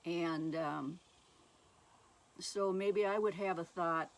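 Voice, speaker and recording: A woman author giving an earnest, measured Christian testimony and reading passages aloud from her own book. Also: on the low side, steady tone.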